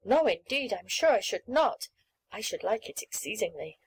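A woman's voice: moderate pace, husky, poor audio. Woman putting on an eager pleading little girl. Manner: pleading, excited, high. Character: eager, wheedling little girl about seven.

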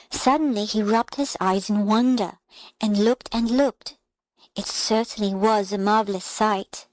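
A woman reading a fairy tale aloud in a calm, measured storybook style. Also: fairly high pitch, no room sound, poor audio.

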